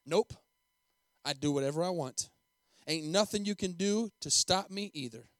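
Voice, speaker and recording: A man's voice: a little high, normal speed, a bit bright, no room sound, studio quality, natural voice. A man voicing a defiant, tough-talking schoolboy who answers back with brash challenges.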